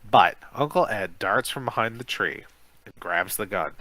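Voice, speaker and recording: A man with a low, bright, forceful voice reads a children's gamebook aloud for a podcast stream. He is casual and now and then trips over a word. The sound is dry and close. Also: expressive, normal speed, no echo, low-quality recording. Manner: casual, stumbles over words while reading. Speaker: podcast co-host.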